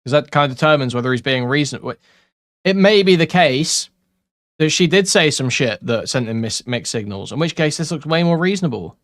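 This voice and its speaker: A man's voice: on the high side, expressive, a little fast, a bit bright, no room sound, clean studio sound. A man doing casual commentary, reading messages aloud and reacting with bemused, profane asides. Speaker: commentary youtuber.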